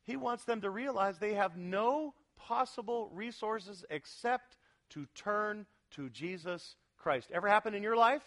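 A male pastor preaching an expository sermon in an animated, emphatic way, putting questions to his congregation. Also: sits high, unhurried.

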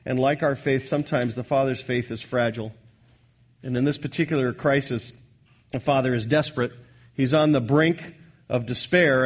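A man preaching a sermon in a church, earnest, repeating key lines and swinging from loud declarations to soft asides. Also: medium pitch. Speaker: pastor.

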